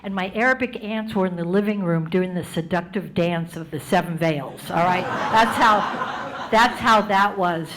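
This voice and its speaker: A woman comedian from the United States telling a stand-up story in a wry, animated way, wandering into tangents. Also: on the low side, measured pace, a little hiss or hum.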